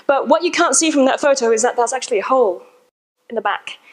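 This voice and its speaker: A woman's voice: high-pitched, animated, fast, slight background noise, low-quality recording. A woman giving a talk to a live audience, telling a personal story in a chatty, self-deprecating way and laughing at herself. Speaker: conference speaker.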